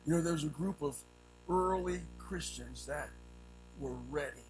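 A man preaching a sermon, telling a story with sound effects and swinging between loud and hushed delivery. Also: a little high, measured pace, over music, rough recording.

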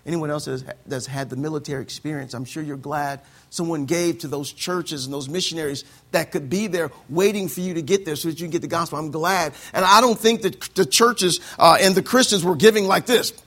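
High-voiced animated male preacher. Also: a little fast, few pauses. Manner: animated preaching, acting out quotes, swings from soft to shouting. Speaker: pastor. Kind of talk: sermon.

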